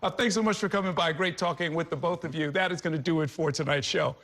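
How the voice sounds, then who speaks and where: A male television host steers a political panel with brisk, wry remarks. His voice sits somewhat high for a man. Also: noisy background. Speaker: news show host.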